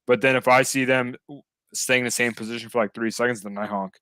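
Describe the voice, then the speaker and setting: Man chatting casually, smooth and close. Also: mid-range voice, steady tone, fast, fairly bright tone, no room sound. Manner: rambling, with frequent fillers and restarts. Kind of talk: casual chat.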